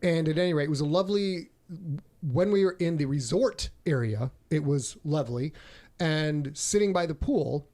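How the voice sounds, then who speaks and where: A man's voice: on the high side, normal speed, warm tone. A man hosting a casual podcast, joking playfully and explaining plans with enthusiasm. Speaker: host.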